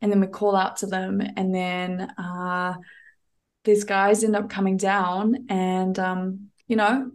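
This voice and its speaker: Chatty, upbeat woman telling trail stories. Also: medium pitch. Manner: chatty, enthusiastic, many ums and restarts. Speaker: podcast guest, thru-hiker. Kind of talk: casual conversational storytelling.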